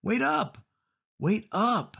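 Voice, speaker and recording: A man's voice: medium pitch, animated, moderate pace, slightly rough. A man voicing a cautious young boy who protests anxiously in a storybook reading. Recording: dull lo-fi audio.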